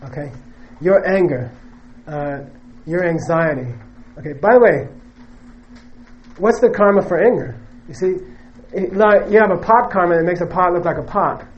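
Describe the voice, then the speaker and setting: A man's voice: high voice, lively intonation, moderate pace, muffled recording. A man giving a Buddhist teaching to a live audience, conversational and joking, who often stops to check in with "okay?" and "you know". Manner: joking, emphatic asides.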